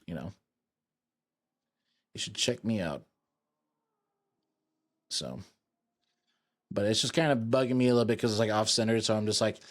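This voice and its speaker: A man's voice: fairly low pitch, moderate pace, pauses often. A young man chatting casually to his live-stream audience, goofy and rambling while he fiddles with his setup.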